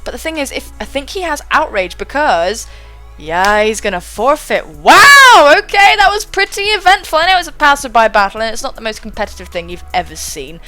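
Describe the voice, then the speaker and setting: A young woman doing excitable live game commentary, thinking aloud and swearing casually. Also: mid-range voice, a little fast, faint music behind. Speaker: gaming channel host.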